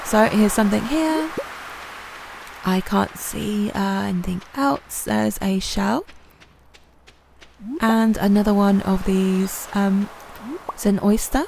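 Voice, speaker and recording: A woman's voice: medium pitch, slow, vocal fry, long pauses, slight background noise. A woman giving chatty, self-deprecating commentary over her gameplay, with plenty of ums. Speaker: gaming channel host. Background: soft game music.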